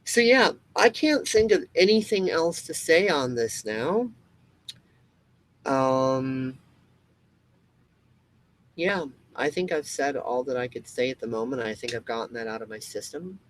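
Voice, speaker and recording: In an expressive mid-range voice, a little slow and with frequent pauses, a comedy web show host rants passionately and profanely to camera, repeating for emphasis and often starting over. There's no echo, but the recording is low quality.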